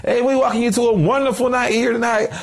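A man putting on the voice of a male TV wrestling announcer, shouting a hyped broadcast welcome. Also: extremely high pitch, fairly even intonation, fast talker, creaky, pitched above the performer's own voice.

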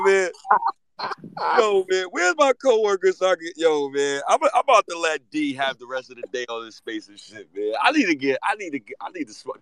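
A man's voice: on the high side, big pitch swings, a little fast, fairly bright tone, smooth, rough recording. A man in his thirties, hosting a casual sports talk show and ranting with lots of profanity. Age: 30s. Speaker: host.

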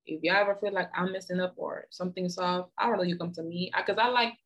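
A woman's voice: lowish voice, steady tone, fast, fairly bright tone, lo-fi sound. A woman co-hosting a casual chat, earnest and teasing by turns. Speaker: podcast co-host.

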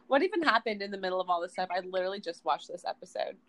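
A woman's voice: mid-range voice, expressive, quick pace, fairly bright tone, low-quality recording. A woman co-hosting a podcast in casual chat, wry and blunt, swearing now and then. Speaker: podcast co-host.

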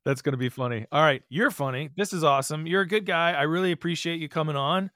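A man's voice: on the high side, fast, pushed and bright, dry recording, studio quality. A man hosting a golf podcast, asking stop-start questions in a friendly, affirming way. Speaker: podcast host. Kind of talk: casual podcast interview.

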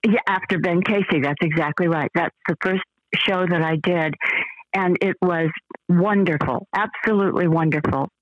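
An older woman remembers her acting days in a rambling, effusive way, halting on fillers and starting over. Her voice comes through a dull, lo-fi call line that sounds dry and close. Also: lowish voice, no room sound. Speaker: actress guest. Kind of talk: casual interview chat.

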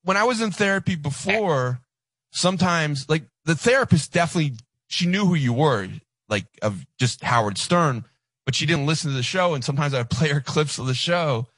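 A man's voice: on the high side, expressive, brisk, fairly bright tone, no echo. A man speaking on a radio talk show, earnest and rambling, self-conscious about himself.

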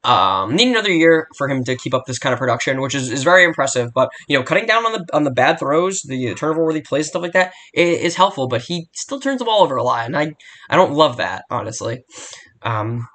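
A man's voice: mid-range voice, sing-song, a little fast, a bit bright. Young male solo podcaster, blunt and profane, rambling home recording. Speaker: podcast host. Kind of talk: casual solo sports betting podcast. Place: home room near a barking dog.

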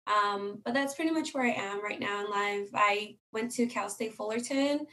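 A woman in her twenties, a guest on a podcast interview, speaking in a quieter, relaxed and measured way. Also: medium pitch, slight background noise. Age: 20s. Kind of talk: casual interview conversation.

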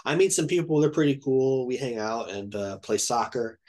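In casual chat, an Ohio man in his thirties works through a drawn-out travel story at normal speed and medium pitch, rambling and animatedly imitating what others said.

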